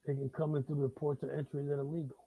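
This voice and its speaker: A man's voice: fairly high pitch, little pitch movement, fast, dark tone, no room sound. A middle-aged man from the Bronx with a New York accent, hosting a live talk-show monologue, swearing freely and repeating himself in heated bursts. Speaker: host.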